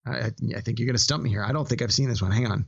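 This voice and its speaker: A man co-hosting a casual podcast, explaining things in a measured, deliberate way. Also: mid-range voice, creaky, slightly rough, dull audio. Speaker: podcast co-host and movie recommender.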